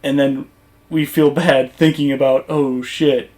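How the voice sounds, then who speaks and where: A gaming YouTuber talking casually over gameplay footage, rambling and conversational with lots of fillers and restarts. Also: male voice, mid-range voice, flat delivery, unhurried, darkish tone.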